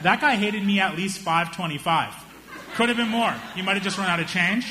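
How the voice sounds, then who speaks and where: A young man doing stand-up, telling a story in an animated way and slipping into the voices of the people in it. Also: high-pitched, brisk. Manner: animated, acts out voices of friends and strangers. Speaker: stand-up comedian.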